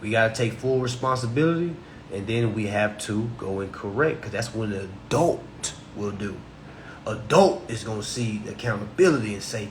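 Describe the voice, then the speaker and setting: A man in his thirties, a consumer finance commentator, gives animated solo commentary on contracts in a lowish voice at a moderate pace. His talk is blunt and mocking, and he slips into voices to act out imagined phone calls. The room is echoey, with slight background noise.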